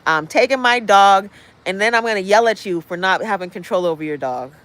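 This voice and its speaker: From indoors in an apartment building, a female livestream host delivers a casual rant that is blunt, profane, and rambling. Her medium-pitched voice is animated, fairly bright, and a little fast, though the recording is low quality.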